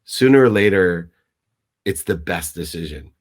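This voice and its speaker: A middle-aged man with a very low voice, talking as a guest mentor in an interview. He speaks emphatically and with feeling, stumbling into restarts. His voice is a little choked up. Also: expressive, unhurried. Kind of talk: motivational interview talk.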